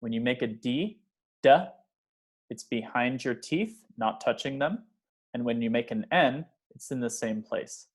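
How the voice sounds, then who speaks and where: A man teaching English pronunciation, slowly modeling example phrases and checking in with the learner. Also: mid-range voice, husky. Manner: checks in with "okay?" and "right?". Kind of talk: pronunciation lesson.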